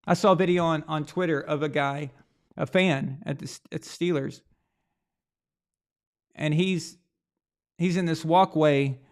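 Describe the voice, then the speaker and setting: A man's voice: on the high side, fairly even intonation, unhurried, long pauses. A man hosting a sports reaction show, delivering a blunt, heated rant full of rhetorical questions and profanity. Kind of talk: opinionated sports commentary rant.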